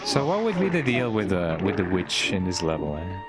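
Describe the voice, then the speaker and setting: A man's voice: low voice, big pitch swings, fairly quick. A man streaming a video game, rambling casually and tagging his lines with "eh?". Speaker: gaming streamer. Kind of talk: casual let's play commentary. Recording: game music playing behind.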